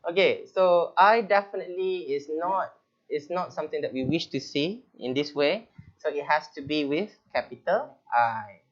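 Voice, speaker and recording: A man's voice: fairly high pitch, normal speed, lo-fi sound. A man with a Malaysian English accent, a teacher trainer explaining essay feedback in a chatty, joking way. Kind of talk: webinar on teaching writing.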